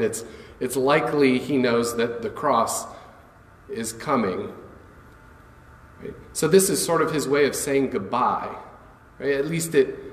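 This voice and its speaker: A man preaching a sermon, reading scripture and then retelling it in casual, conversational speech. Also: mid-range voice. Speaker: pastor. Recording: echoey hall, voice from far off.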